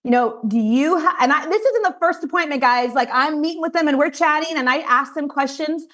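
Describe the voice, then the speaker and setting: Lady advisor teaching her peers, fairly high voice, lively, acts out client talks. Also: a little fast. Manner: animated, direct, acts out client conversations. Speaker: financial advisor training peers. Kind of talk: training talk to colleagues.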